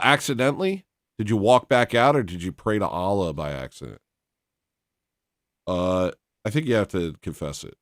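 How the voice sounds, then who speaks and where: Guy rambling on his livestream, joking deadpan, kinda low voice, dry sound. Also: dry recording. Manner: deadpan teasing, jokey and self-mocking. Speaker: livestream host reading donations. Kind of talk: casual rambling livestream chat.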